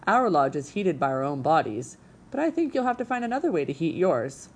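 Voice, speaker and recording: A woman's voice: low-pitched, big pitch swings, a little fast. A woman voicing a stubborn, grumbling male beaver father with a folksy way of talking. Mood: gruff, folksy.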